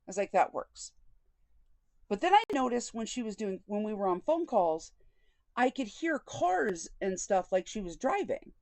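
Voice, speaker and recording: A woman's voice: medium pitch, big pitch swings, moderate pace, darkish tone, no echo. Candid woman telling a personal story. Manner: candid and indignant, with frequent quoted dialogue. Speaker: vlogger.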